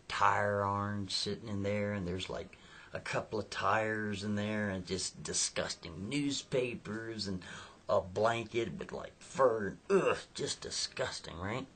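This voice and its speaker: A man's voice: lowish voice, a bit bright, slight background noise. A man telling a spooky story in a chatty, casual way, checking in with the listener. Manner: chatty, asks listeners "right?".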